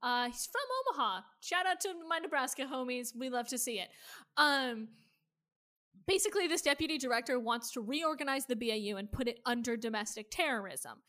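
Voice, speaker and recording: Woman, co-host, casual recap chat, high pitch, bright tone, chatty, lots of "like". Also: expressive, brisk. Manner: chatty, laughs a lot, fillers like "like". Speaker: podcast co-host.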